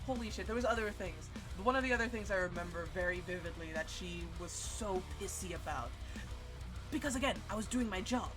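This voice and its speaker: A woman streamer telling a story in a casual, animated rant full of swearing, with big jumps in pitch. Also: a little fast. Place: home streaming setup. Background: faint music.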